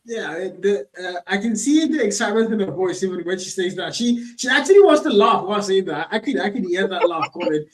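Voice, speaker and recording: A man's voice: sits high, lively intonation, a little fast, hardly any pauses, roomy sound. A man co-hosting a casual gaming podcast, laid-back and teasing, often repeating his words. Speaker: caster and podcast co-host.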